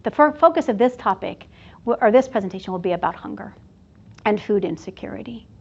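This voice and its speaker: A woman presenter at a university event, telling a fable in an expressive storytelling manner. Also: medium pitch, brisk, vocal fry, husky. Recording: dull lo-fi sound.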